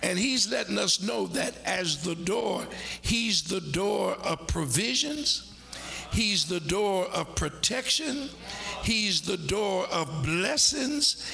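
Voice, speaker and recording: With a high-pitched, creaky voice, a man preaches emphatically, using dramatic pauses and swinging between loud bursts and near-whispers.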